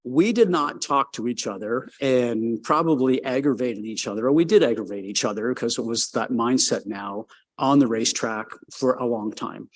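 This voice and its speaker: A man in his sixties from Canada, a former race car driver who is the guest. He tells long, rambling stories full of "um"s and gets livelier as he acts out the exchanges. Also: medium pitch. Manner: rambling, filler-heavy, lively when telling a story. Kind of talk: casual anecdotal storytelling.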